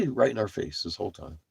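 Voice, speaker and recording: A man's voice: lowish voice, wildly swooping pitch, normal speed, vocal fry, a little mellow, husky, no room sound. A man ranting profanely to his viewers in a rambling monologue, laughing between lines. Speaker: livestreamer.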